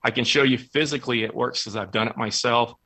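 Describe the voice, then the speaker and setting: Male motivational talk host, bright tone, emphatic storyteller. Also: medium pitch, steady tone, quick pace, husky. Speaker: podcast host.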